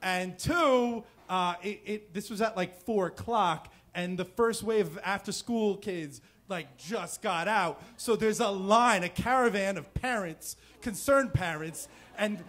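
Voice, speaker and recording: A man in his thirties from New Jersey tells a personal story on stage in a fairly high voice. He talks casually and rambles, with plenty of fillers and restarts. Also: a little slow, few pauses, fairly bright tone. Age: 30s. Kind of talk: live storytelling. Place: stage before a live audience.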